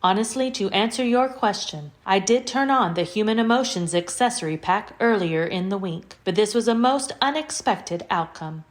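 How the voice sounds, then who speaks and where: A woman's voice: medium pitch, normal speed, few pauses, close to an everyday voice. A woman voicing a literal, formal female AI computer in an audio drama, with precise diction and no contractions. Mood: calm.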